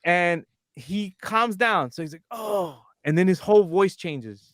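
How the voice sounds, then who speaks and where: A man guest on a podcast, telling a lively anecdote and acting out the voices of the people in it. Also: sits high, unhurried, no echo, clean studio sound. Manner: animated, acts out voices in his anecdote. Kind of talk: storytelling on a podcast.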